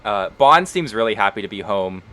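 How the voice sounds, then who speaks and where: A man's voice: on the low side, lively intonation, moderate pace, bright, forceful tone, soft background music. A man narrating as game master of a tabletop role-playing game, casual, with frequent ums and uhs.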